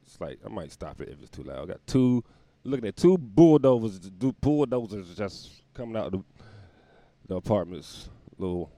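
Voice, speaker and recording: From a room at home near the windows, a podcast host rambles through a relaxed comedic monologue and laughs at his own material. His voice leans low and dark, recorded dry.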